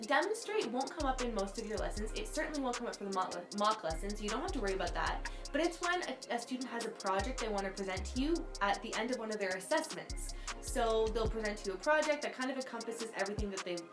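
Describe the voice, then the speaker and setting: Calm woman teaching mentor, mid pitch, roomy echo, music clearly behind. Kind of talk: instructional video chat. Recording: echoey room with music behind.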